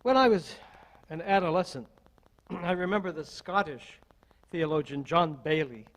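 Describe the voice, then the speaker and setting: An older man, an associate minister, delivering a sermon in a measured, deliberate way with strings of rhetorical questions. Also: on the high side, rough recording.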